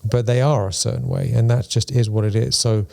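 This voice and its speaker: A man's voice: medium pitch, fairly even intonation, a little fast, gravelly, darkish tone. A man co-hosting a spiritual discussion podcast, talking things through thoughtfully and using playful examples. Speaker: podcast co-host.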